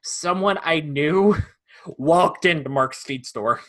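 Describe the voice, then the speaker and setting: A young man co-hosting a podcast, telling a story in a casual, animated way with frequent laughter and restarts. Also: a little high, slow pace, very noisy. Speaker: podcast co-host.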